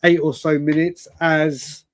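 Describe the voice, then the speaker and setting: Brief: man, fan stream host, late night and tired, chatty ranting, stammers, voice sits a bit high. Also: little pitch movement, takes it slowly.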